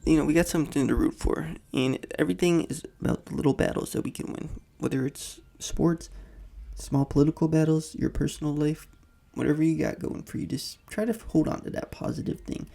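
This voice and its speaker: A young man hosts a podcast, commenting on the week's news in a slangy, rambling rant full of fillers, heavy on "like" and "freaking." His voice is on the high side, creaky and dark-toned, with fairly even intonation and a fairly quick pace.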